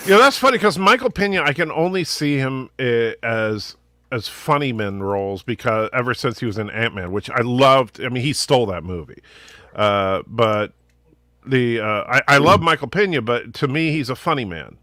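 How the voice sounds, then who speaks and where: A man hosting a casual podcast chat, excitable and rambling, restarting his sentences. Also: mid-range voice, moderate pace, no room sound, clean studio sound. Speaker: podcast host.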